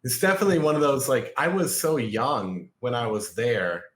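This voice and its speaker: A man's voice: mid-range voice, sing-song, normal speed. A man who is a guest on an interview podcast, chatting casually in a rambling way over a video call. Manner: rambling, full of fillers and restarts.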